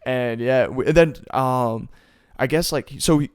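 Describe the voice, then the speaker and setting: A young man spins a long, rambling story in podcast chat. He leans on slang and filler, and the mid-pitched voice sounds dry and close, with no room around it. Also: measured pace, a little mellow, clear, resonant tone, no room sound. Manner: rambling, slangy, says "bro" and "like" a lot. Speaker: podcast co-host, wrestler.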